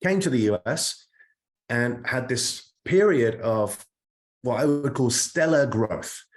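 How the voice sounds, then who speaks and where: A man's voice: medium pitch, animated, slow pace. Earnest British man coaching online. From United Kingdom. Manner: earnest, emphatic, repeats words when stressing a point. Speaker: career coach. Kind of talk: motivational online talk.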